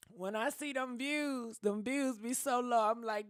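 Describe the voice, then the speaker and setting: A woman's voice: fairly high pitch, a little slow, dry recording, studio quality. A young woman hosting a gossip livestream, chatting casually and dramatically with viewers and thanking donors. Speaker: gossip channel host.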